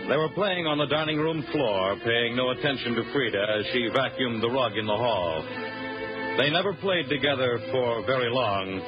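A man narrating an old radio drama in a measured, deliberate storytelling manner. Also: mid-range voice, lively intonation. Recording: muffled old radio broadcast with music.

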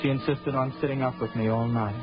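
A young man narrates an old radio drama in a gentle, wistful way. His voice sits at a medium pitch, with music behind him and the dull sound of an old recording. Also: steady tone, brisk. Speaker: narrator and lead actor.

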